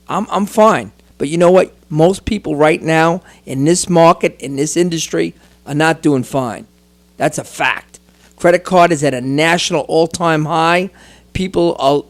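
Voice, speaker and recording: Steady-talking male loan officer. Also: a little high. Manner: steady, explanatory. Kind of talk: radio advice talk. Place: radio studio.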